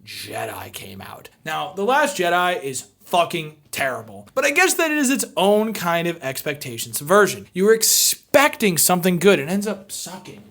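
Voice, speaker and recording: A video essayist reviewing a TV episode, swearing freely and swinging between excited shouting and quiet reflection. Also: mid-range voice. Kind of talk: impassioned review commentary.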